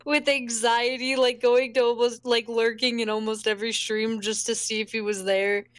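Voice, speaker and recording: Woman, high voice, dry close recording, rambling casual chat. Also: flat delivery, moderate pace, smooth, no room sound. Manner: rambling with many fillers.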